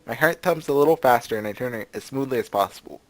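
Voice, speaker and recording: Lively sarcastic let's-play guy. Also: medium pitch, quick pace, no echo. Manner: sarcastic, jokey asides between read lines. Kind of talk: reading a visual novel aloud with joking commentary.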